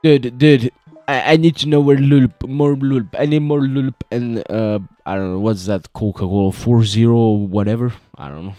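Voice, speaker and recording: A man's voice: medium pitch, moderate pace, dark tone, dry recording, soft background music. A young man joking his way through a horror game playthrough, chatting and calling everyone "bro". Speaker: gaming video host.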